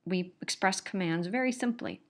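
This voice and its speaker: A middle-aged English instructor gives a recorded grammar lecture, explaining things patiently and restating key points so they stick. Her voice is at an ordinary pitch for a woman, and she speaks at a moderate pace.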